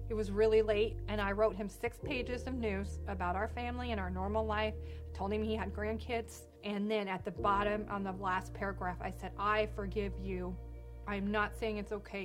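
A woman in her forties giving an earnest, conversational personal testimony, with many fillers. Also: mid-range voice. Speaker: testimony speaker in a church video. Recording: music bed underneath.

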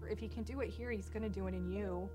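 A woman's voice: mid-range voice, fast talker. Earnest woman sharing a testimony over music. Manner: earnest, conversational, with many fillers. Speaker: testimony speaker in a church video. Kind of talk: personal testimony. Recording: music bed underneath.

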